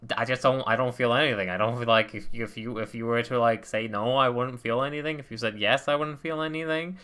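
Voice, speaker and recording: A man voicing a flat, blunt young woman who feels nothing, speaking in a bored, low-key way. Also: fast, clear, resonant tone, natural voice.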